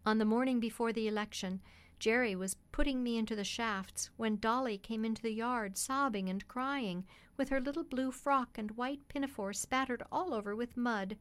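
A woman hosting a radio program, reading a children's classic aloud in a clear, even storytelling voice. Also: fairly high pitch, moderate pace. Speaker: radio program host and reader.

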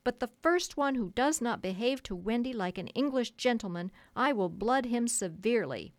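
A woman's voice: on the high side, lively intonation, no room sound, voice pushed up, close to an everyday voice. A woman doing a silly boy speaking with dignity. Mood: dignified. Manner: slow, earnest, dignified. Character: silly little boy turned solemn and dignified.

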